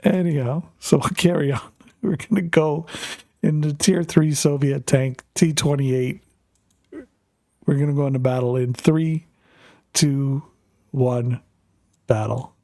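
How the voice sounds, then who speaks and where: Rambling Canadian streamer dad. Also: male voice, on the high side, slow pace, long pauses, dry recording, studio quality. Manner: rambling, animated, lots of fillers. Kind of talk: casual storytelling while gaming.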